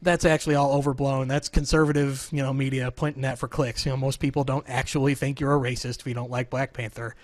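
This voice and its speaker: A man's voice: medium pitch, little pitch movement, fast talker, hardly any pauses, no room sound. A man in his thirties hosting a casual show over a video call, joking and rambling. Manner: joking, rambling, self-deprecating. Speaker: podcast host.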